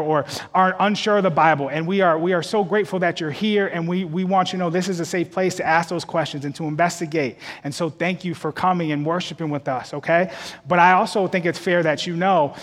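A man's voice: sits high, big-room sound. A man preaching a sermon as pastor of a church, repeating words as he builds toward emphatic peaks.

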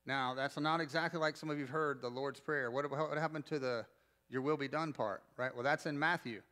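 Bright-voiced man preaching. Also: medium pitch, steady tone, a little fast. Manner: conversational and joking, with bursts of loud emphasis. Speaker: pastor. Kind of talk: sermon.

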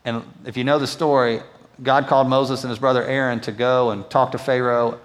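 A man's voice: medium pitch, a little fast. Conversational male pastor in a reverberant hall. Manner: conversational, animated storytelling. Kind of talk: sermon. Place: church auditorium.

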